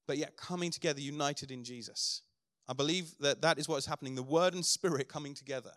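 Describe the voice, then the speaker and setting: Male pastor, middle-aged, earnest sermon delivery, slightly high voice, dry close sound. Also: quick pace, a bit bright, no echo. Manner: earnest preaching, builds to emphatic declarations.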